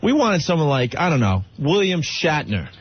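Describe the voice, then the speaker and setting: A man's voice: a little high, sing-song, slightly rough, no echo. Needling male radio host. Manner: needling, quick, reads station IDs. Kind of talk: casual comedy radio chat. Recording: muffled radio broadcast with music.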